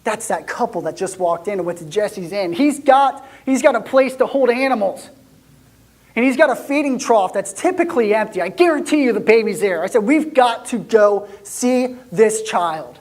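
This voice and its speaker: In a first-person church monologue, a man plays an excitable young shepherd, speaking in a high voice at a moderate pace. He sounds excited, chatty, and lively, then drops into hushed tones.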